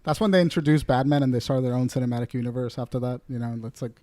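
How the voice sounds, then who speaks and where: A man co-hosting a casual podcast chat, eager and agreeable, reacting quickly. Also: mid-range voice, warm tone, dry recording. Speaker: podcast co-host.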